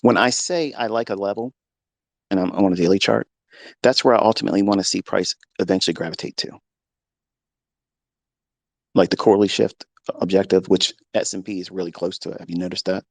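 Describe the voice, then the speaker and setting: A middle-aged man, a trading mentor, speaking in a profane, combative rant from his home basement, moving between low musing and shouting. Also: steady tone, fairly quick, vocal fry, long pauses, dry recording. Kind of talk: unscripted rant to listeners.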